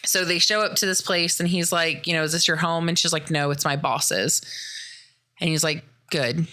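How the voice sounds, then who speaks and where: Low, bright-voiced woman recapping a film. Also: moderate pace. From American Midwest. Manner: animated retelling, acts out quotes, swears often. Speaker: podcast host. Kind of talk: casual movie recap.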